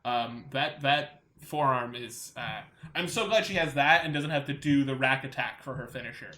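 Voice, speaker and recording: Bright-voiced man in an echoey room. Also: medium pitch, moderate pace. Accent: light New York. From Long Island, New York. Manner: rambling, enthusiastic, many restarts. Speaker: podcast co-host. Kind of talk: casual chat.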